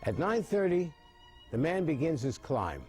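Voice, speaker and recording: A man in his seventies explaining mime and telling jokes with lively storytelling, his voice rising high as the stories build. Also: unhurried, faint music behind. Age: 70s. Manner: animated storytelling with big pitch jumps.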